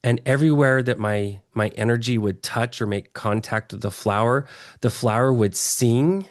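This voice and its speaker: A man from Texas telling his story as an interview guest, earnest and excitable, often restarting his phrases. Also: mid-range voice, normal speed, dry recording, studio quality. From Texas, USA.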